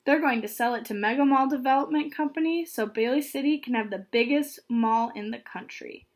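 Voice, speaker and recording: Woman reading as spoiled rich girl, snappy, haughty, high-pitched, storybook. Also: fairly quick, close to an everyday voice. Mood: snooty. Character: spoiled, snooty rich schoolgirl.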